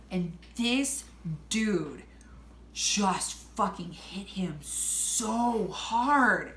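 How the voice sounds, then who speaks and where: An animated woman tells a comic story, laughing often and swearing freely. She acts out the people she quotes at a mid pitch. The recording is roomy, with faint noise behind her. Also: very slow. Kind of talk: casual comedic storytelling.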